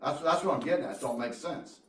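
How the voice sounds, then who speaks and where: A man's voice: a little high, fast talker. A man speaking bluntly at a village council meeting, pressing the clerk with questions. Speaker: resident addressing council. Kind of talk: public comment at a council meeting. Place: municipal meeting room. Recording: echoey hall, distant mic.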